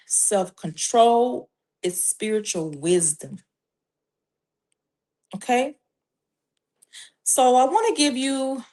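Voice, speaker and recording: Woman christian life coach talking real slow and deliberate, middle pitch, walks through steps w scripture. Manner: measured, emphatic, lists steps with scripture. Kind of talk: faith-based parenting advice talk.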